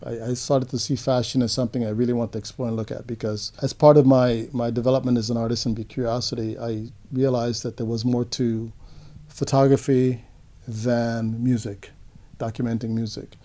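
Older man telling stories, mellow voice. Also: mid-range voice, flat delivery. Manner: unhurried, reflective storytelling with frequent uh fillers. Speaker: interview guest, photographer. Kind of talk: relaxed storytelling interview.

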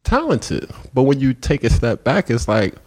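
A man telling a story in conversation and acting out the people in it with big jumps in voice. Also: normal speed. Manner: animated, acts out quoted voices with big pitch jumps. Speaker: community coach and mentor.

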